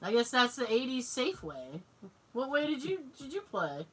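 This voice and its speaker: Lively, bright-voiced podcast host woman. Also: on the high side, moderate pace. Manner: animated, laughs often, swears freely. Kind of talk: casual chat, storytelling. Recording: distant mic, noisy.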